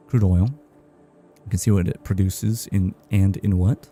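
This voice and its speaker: A man streaming a game live, chatting casually in a rambling, halting way. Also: lowish voice, fairly even intonation, warm tone, soft background music. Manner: rambling, halting, with many restarts and fillers.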